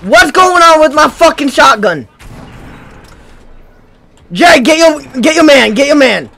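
A man's voice: extremely high pitch, very animated, unhurried, gravelly. A young man chatting with friends while recording a video of a game, laughing often and swearing. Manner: laughs a lot, swears, shouts at lag. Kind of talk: casual gaming chat with friends.

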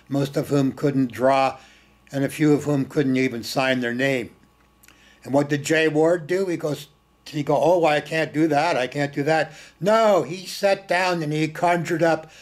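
Animated storytelling man, slightly high voice. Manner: animated, repeats words for emphasis, blunt earthy asides. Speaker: film screening host. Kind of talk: informal storytelling talk.

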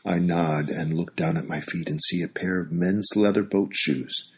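A man's voice: sits low, fairly even intonation, moderate pace, breathy edge. A man narrating a scripted memoir in a dry, wry storytelling manner. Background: guitar music.

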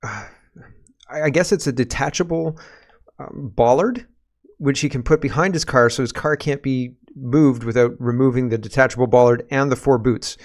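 A man's voice: medium pitch, moderate pace. A man in his forties hosting a casual political commentary show, talking animatedly and chuckling between points. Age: 40s.

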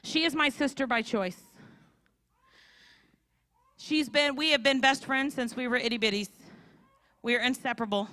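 A woman giving a storytelling sermon at a church conference, animated and acting out the people in her story. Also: high voice, moderate pace, long pauses, no room sound. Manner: animated, acts out characters' voices. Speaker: conference speaker. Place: church hall.

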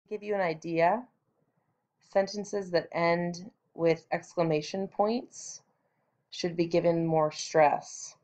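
A woman teacher reads aloud to young students with a slightly low voice. She takes her time, speaking very slowly. She puts deliberate stress on chosen words as she models expressive reading. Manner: clear instructional delivery for children. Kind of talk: read-aloud reading lesson.

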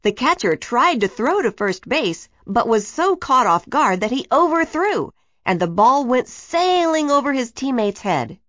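A woman narrating a children's storybook in an expressive, animated reading. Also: sits high, a little slow, no echo, clean studio sound.

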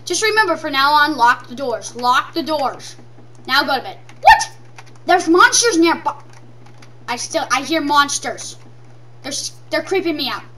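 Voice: high voice, expressive, moderate pace, pushed and bright. A gameplay commentator talking in a silly, sing-song way and repeating lines over and over. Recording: distant from the mic, faint noise.

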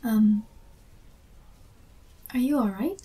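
A woman's voice: fairly high pitch, very slow, dark tone, breathy edge, exaggerated voice. A woman voicing an awkward young female fan who meets her favorite author, in a whispered role-play with self-deprecating, apologetic chatter. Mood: flustered.

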